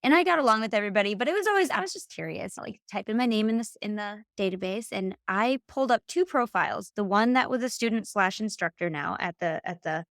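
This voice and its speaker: Podcast guest, woman, late 30s, lively storyteller who acts out quotes, dry close mic. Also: mid-range voice, fast talker, few pauses, no echo. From Michigan. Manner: animated, acts out quoted dialogue. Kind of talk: casual storytelling.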